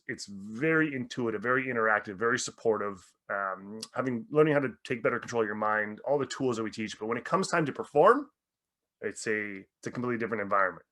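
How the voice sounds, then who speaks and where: Animated, swearing man, mindset coach. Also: medium pitch. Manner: animated storyteller, swears freely. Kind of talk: podcast interview.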